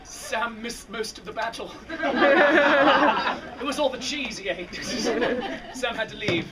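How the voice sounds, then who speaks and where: Brief: high-pitched woman, animated comic storyteller at an outdoor fair, crowd noise behind. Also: slow. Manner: animated, laughing, dramatic recitation. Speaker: narrator of audience-participation Shakespeare show. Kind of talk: comic storytelling to a live audience.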